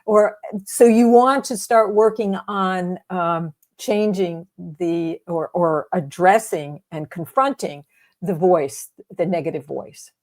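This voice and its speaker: A woman's voice: lowish voice, takes it slowly, darkish tone. A woman guest, a grief coach, explaining her methods in a reflective, casual interview. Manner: reflective, explaining with many fillers.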